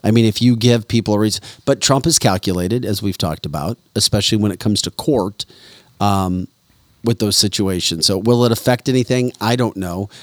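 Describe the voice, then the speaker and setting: A man's voice: on the low side, normal speed, dry recording. A man hosting a podcast, giving political commentary with many "um" fillers. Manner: talks it through with many "um" fillers. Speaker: podcast host.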